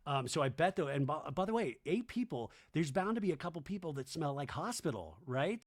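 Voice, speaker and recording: A man's voice: a little high, very animated, brisk, few pauses. A man hosting a podcast, recapping a reality show in a rambling, incredulous way with lots of asides. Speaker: podcast host.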